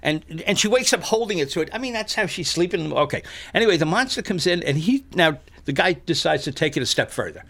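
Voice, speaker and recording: An older man casually telling animated stories, acting out the voices of the people in them. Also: fairly high pitch, fast talker, gravelly, few pauses. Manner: animated, acts out shouted quotes. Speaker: storyteller guest. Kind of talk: casual storytelling chat.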